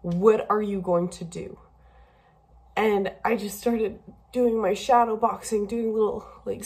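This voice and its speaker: A woman's voice: medium pitch, darkish tone. A young woman talking candidly in a personal video diary, emotional and a bit rambling, tearful at times. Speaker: vlogger.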